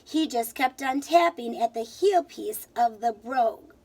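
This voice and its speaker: A woman's voice: on the high side, a little slow, darkish tone. A woman teacher reading a picture book aloud to children, stopping to explain words and ask questions.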